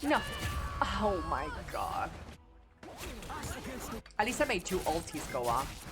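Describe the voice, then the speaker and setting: Brash, crude woman streamer yelling. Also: on the low side, big pitch swings, slow, over loud music. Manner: crude, brash, yells at teammates and chat. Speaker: livestreamer. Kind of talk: live gaming stream chat.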